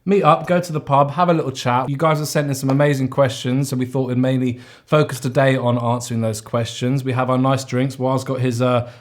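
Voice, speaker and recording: A man's voice: medium pitch, level tone, fairly quick, hardly any pauses. Young English male host, jokey and chatty, casual pub conversation. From England. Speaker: podcast host.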